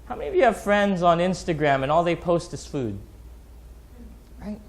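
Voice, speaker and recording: A man's voice: sits high, animated, normal speed. A man in his thirties preaching a sermon to a church congregation in a casual, conversational way, often checking in with the listeners. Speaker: pastor. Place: church hall.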